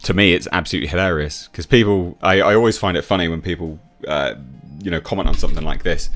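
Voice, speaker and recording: Soft music plays behind a low-pitched English man who talks fast with few pauses, his tone a bit bright. A YouTube reviewer, he reads an article and mocks it with opinionated commentary, scoffing, laughing at the text, and restarting many times.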